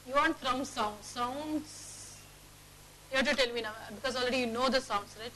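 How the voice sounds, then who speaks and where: A woman teacher leading a classroom phonics lesson, drilling words aloud and checking the class with quick questions. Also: sits high, sharp tone, slight background noise, low-quality recording.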